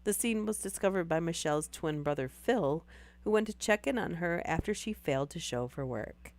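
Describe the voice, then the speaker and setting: A woman with a hoarse, worn voice after losing it, casually reading stories aloud on a live stream and laughing between lines. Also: on the low side, expressive, moderate pace, darkish tone, no room sound.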